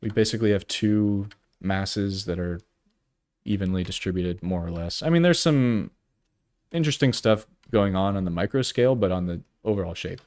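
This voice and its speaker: A man in his early thirties with a somewhat low voice muses half to himself as he sketches, stopping and restarting his thoughts. He drops wry jokes at his own expense. The sound is close and dry, with no room around it. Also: a little mellow, no echo. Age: 30s. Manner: halting, self-questioning, trailing off often; wry self-deprecating humor. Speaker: artist streaming live. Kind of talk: casual think-aloud commentary while drawing.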